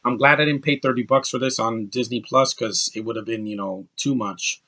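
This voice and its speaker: A man with a bright, forward voice talks through a movie review in a loose, casual way. He stumbles, restarts and fills gaps with filler words as he goes. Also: mid-range voice, fairly even intonation, fairly quick. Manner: rambling with many fillers and restarts. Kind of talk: casual spoken film review.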